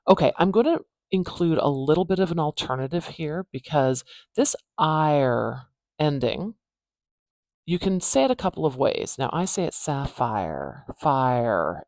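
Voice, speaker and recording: A woman teaching pronunciation in a phonetics tutorial, patiently repeating words slowly to demonstrate their sounds. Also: deep voice, darkish tone, no echo.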